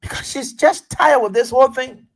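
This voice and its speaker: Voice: high-pitched, normal speed. A radio talk host, giving political commentary in an emphatic way, full of repetition and rhetorical questions.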